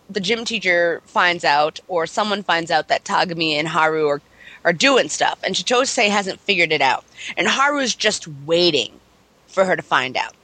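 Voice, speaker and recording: A woman's voice: on the low side, bright, forceful tone, no echo. A young woman hosting a podcast, crudely retelling a story in casual chat, rambling and giggling often. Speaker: podcast host.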